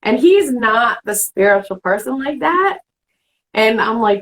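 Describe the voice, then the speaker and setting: A woman's voice: medium pitch, animated, moderate pace, vocal fry, poor audio. Woman host chatting, rambles a lot, plays out quotes, pretty candid. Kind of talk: casual chat.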